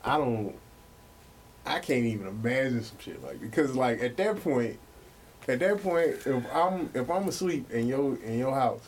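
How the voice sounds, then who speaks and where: Animated, profane male podcast host. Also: mid-range voice, a little slow, a little hiss or hum. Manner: animated and profane, with lots of fillers. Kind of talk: casual podcast storytelling.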